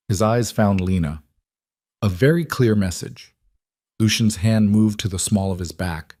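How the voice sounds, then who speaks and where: A man narrating a scripted romance story in an even, steady manner. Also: lowish voice, unhurried, no echo, studio quality.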